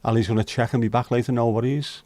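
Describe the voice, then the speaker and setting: A warm, mid-range male voice keeps a steady tone at a quick pace, recorded with no room sound. He runs a casual livestream as host of a virtual pub, chatting, joking and bantering with chat as he reads viewers' comments.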